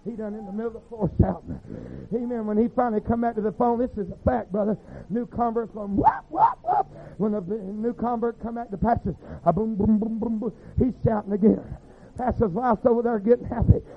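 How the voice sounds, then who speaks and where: A man preaching a sermon, telling stories in a rhythmic, folksy way that swings from hushed to shouting. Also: sits high, steady tone, fast talker, vocal fry, breathy edge. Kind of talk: sermon storytelling. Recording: tinny phone-like sound with faint music.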